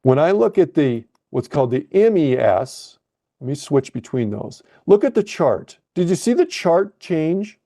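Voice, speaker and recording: A man coaching a live webcast lesson, thinking aloud and correcting himself as he clicks through trading software. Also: a little high, very animated, measured pace.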